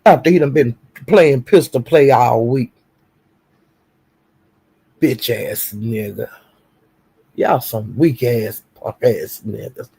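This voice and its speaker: A man ranting on a live stream, taunting someone with profane insults and slow, drawn-out jabs. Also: medium pitch, vocal fry, dark tone, husky. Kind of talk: heated live-stream rant.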